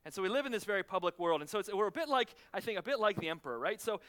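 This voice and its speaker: A male preacher in his thirties, talking through a sermon in a loose, conversational way. He restarts phrases often and keeps checking in with "right?". His voice is high, bright and swings widely in pitch. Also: rapid-fire, clear, resonant tone. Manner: lively, laughs with the congregation.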